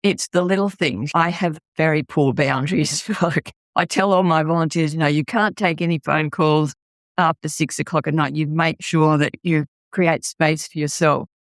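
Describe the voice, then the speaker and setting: A woman's voice: low-pitched, steady tone, normal speed, no room sound. A middle-aged woman with an Australian accent, a charity founder speaking in an interview. She talks earnestly and bluntly and often restarts her sentences. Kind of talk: candid interview storytelling.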